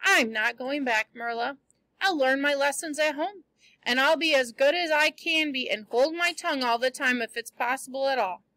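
A woman's voice: high voice, normal speed, sharp tone, dry recording, low-quality recording. A woman reading a stubborn, dramatic girl. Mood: solemn. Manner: solemn, firm and dramatic.

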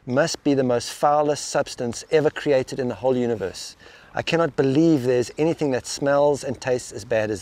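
Interviewed as a guest out in the rain, a spiritual teacher with a mid-range, slightly mellow voice talks reflectively. He's thoughtful but halting, frequently restarting and repeating words.

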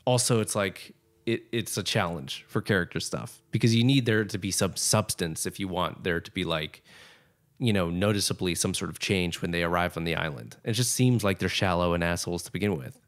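A man's voice: sits low, a little fast. A man co-hosting a casual film commentary podcast, rambling critically with lots of fillers like "like". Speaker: podcast co-host.

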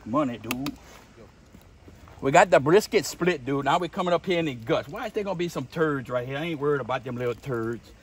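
A man's voice: expressive, brisk. A man with a Louisiana Cajun accent hosting a hands-on how-to demonstration, boisterous and full of slang. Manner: boisterous and slangy, says dude and boom a lot. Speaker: host. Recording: distant mic with loud outdoor noise.

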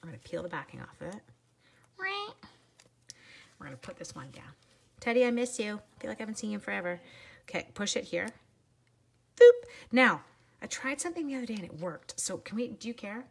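A woman's voice: medium pitch, rapid-fire, creaky, fairly bright tone, slightly rough. A middle-aged woman from Canada leading a live card-making demo, chatty and jokey, greeting viewers by name and slipping into whispers. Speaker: stamping demonstrator.

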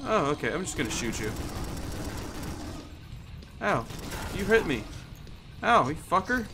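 A man's voice: fairly high pitch, sing-song, measured pace, noisy background. A man giving casual gameplay commentary, joking, swearing and muttering to himself as he plays. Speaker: gamer.

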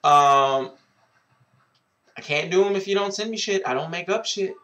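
A high, bright, forceful male voice delivers dating advice in a casual vlog. Outspoken and full of sass, he swears liberally and keeps drawing out a greeting catchphrase again and again.

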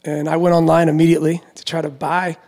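A man in his thirties, from Florida, a guest in a casual interview, telling his story in a relaxed way with many fillers. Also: a little high, quick pace. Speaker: guest, roller dealer.

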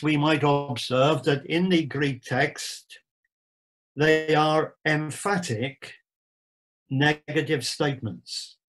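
A man preaches a sermon at an unhurried, careful pace, spelling out each word of the text. His voice sits a little high for a man, and he leans hard on repeated phrases for emphasis. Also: low-quality recording. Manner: measured, deliberate Bible exposition with emphatic repetitions.

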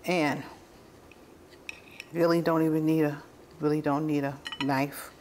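A woman's voice: deep voice, level tone, measured pace, slight background noise. A woman hosting a casual home-cooking video, chatty and rambling, often correcting herself mid-sentence and chuckling as she tastes the food. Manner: warmly enthusiastic about the food, chuckling. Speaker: cooking channel host.

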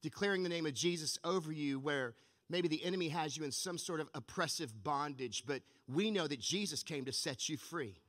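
Pastor preaching in a reverberant hall. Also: male voice, a little high, a little fast. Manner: energetic storytelling preacher. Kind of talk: sermon. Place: church sanctuary. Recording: long reverb of a large church hall.

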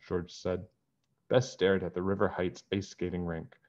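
A man reading a children's chapter book aloud in steady, plain narration. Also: deep voice, unhurried, muffled recording. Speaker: storybook reader.

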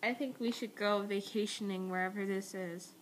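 A woman's voice: medium pitch, steady tone, normal speed, slight background noise. A young woman chatting in a casual video message to friends. She talks in a rambling, giggly, awkward way, recorded on a tablet's built-in mic. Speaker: vlogger.

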